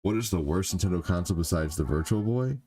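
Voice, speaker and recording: A man's voice: deep voice, lively intonation, fast, warm tone, slight background noise. An older man chatting casually while streaming gameplay, rambling with lots of "you know" and "like," with game music faintly behind. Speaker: gaming streamer. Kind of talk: live gameplay stream chat.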